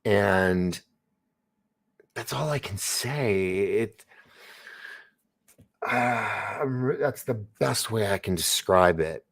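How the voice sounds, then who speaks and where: Male live-stream host, deep gravelly voice, casual and self-interrupting. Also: lively intonation, slow pace, pauses often. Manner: rambling, self-interrupting, laughs often. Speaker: live show host reading chat.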